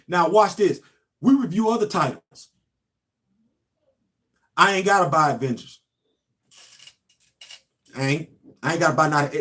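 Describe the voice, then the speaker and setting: An emphatic male commentator, hammering points home through repetition. His voice sits a bit high for a man. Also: a bit bright. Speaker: host. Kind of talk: casual commentary monologue.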